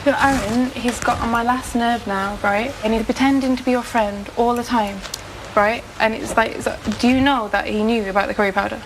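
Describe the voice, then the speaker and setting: A British woman speaks in casual, heated bursts and keeps repeating her point. Her voice sits slightly high. A faint hiss of room noise runs behind her. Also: steady tone, fairly quick. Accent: British English. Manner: indignant, repeats herself. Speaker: reality show contestant.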